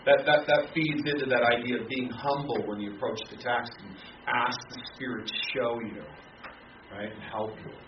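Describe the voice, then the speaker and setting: Halting man teaching a Bible class. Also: mid-range voice, steady tone. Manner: halting, repeats words, frequent fillers. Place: classroom or church hall. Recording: roomy, distant, dull, noisy room recording.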